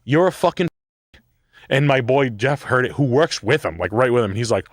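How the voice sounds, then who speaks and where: A man's voice: medium pitch, moderate pace, no echo, studio quality. A man from Rhode Island telling a story in casual, profane talk, acting out the quoted voices as he goes. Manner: animated, swearing, acts out quoted voices. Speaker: show regular telling a story.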